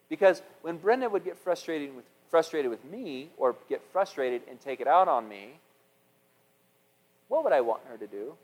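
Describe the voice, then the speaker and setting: A middle-aged man preaching a sermon as pastor, animated, with repeated words and restarts, swinging from loud passages to hushed ones. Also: fairly high pitch, normal speed, big-room sound, low-quality recording.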